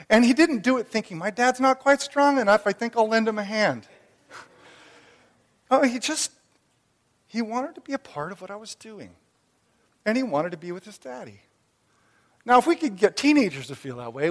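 A man in his thirties or forties preaching a sermon as a pastor, conversational and animated. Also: sits high. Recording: long reverb of a hall.

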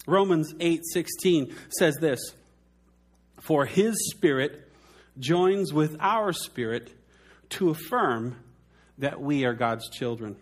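A man in his forties, a pastor preaching a sermon in an earnest way, slowing down and dropping his voice soft for emphasis. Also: a little high.

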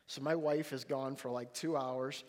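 A man preaching a sermon as a pastor, telling a family story in an animated, jokey way and acting out the dialogue. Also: medium pitch, a little slow. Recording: long reverb of a large hall.

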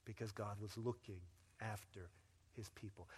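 A male pastor preaching a sermon in a lively, casual storytelling manner with slang. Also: medium pitch, normal speed.

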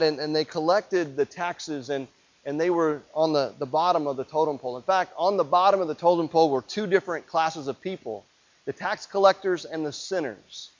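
A male preacher tells his sermon like a story, in a conversational way, and keeps asking his listeners questions. His voice is high for a man. The recording sounds dull and lo-fi. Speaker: pastor.

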